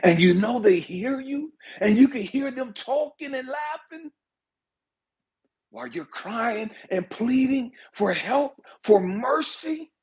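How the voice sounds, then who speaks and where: Husky high-voiced guy preaching hard, drops to whispers then yells out. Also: expressive, takes it slowly. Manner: swings from hushed whispers to shouted pleas. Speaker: spiritual speaker. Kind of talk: impassioned motivational preaching.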